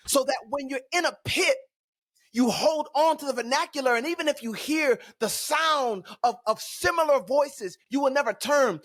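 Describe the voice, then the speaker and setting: A man's voice: very high-pitched, moderate pace, fairly bright tone. A man co-hosting a faith podcast, talking in a fervent, preachy way and repeating phrases for emphasis. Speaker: podcast co-host. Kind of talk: casual faith podcast talk.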